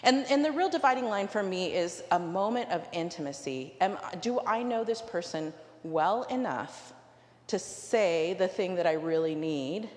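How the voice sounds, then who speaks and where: A woman's voice: lowish voice, expressive, measured pace, a little mellow. A woman preaching a sermon in a cathedral. She tells a personal story and acts out the quoted dialogue. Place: large cathedral. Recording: roomy hall with long reverb.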